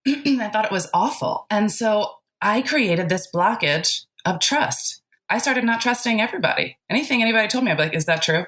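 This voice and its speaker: A woman's voice: mid-range voice, animated, moderate pace, a bit bright. A woman telling a childhood story in a casual spiritual chat, laughing often and using lots of fillers. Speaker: podcast guest.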